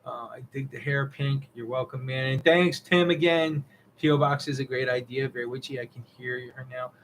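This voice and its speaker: A man's voice: medium pitch, fairly even intonation, normal speed, fairly bright tone, slight background noise, low-quality recording. A man co-hosting a live Q&A, casually reading viewer comments and chatting in a laid-back way. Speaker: co-host of a witchcraft livestream Q&A.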